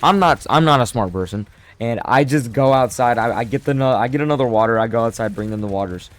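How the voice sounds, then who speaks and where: A man's voice: medium pitch, quick pace. Self-mocking young man telling a story. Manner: animated, self-deprecating, restarts a lot. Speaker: storyteller vlogger. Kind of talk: casual storytime monologue.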